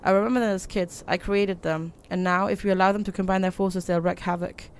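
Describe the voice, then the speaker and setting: Young woman, game let's play host, middle pitch, reads lines aloud, casual asides, faint rumble. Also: fast. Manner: reads flatly with fillers and asides, laughs at herself. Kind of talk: reading game dialogue aloud and commenting.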